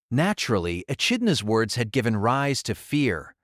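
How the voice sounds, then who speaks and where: A man narrating an audiobook in an expressive, dramatic storytelling manner. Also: mid-range voice, normal speed, no room sound, clean studio sound.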